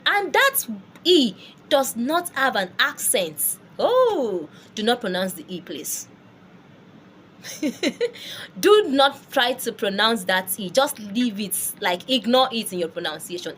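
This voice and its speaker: A woman with a slightly high, fairly bright voice teaches French pronunciation in a language lesson, patiently drilling each word repeatedly for learners to repeat. There's slight background noise.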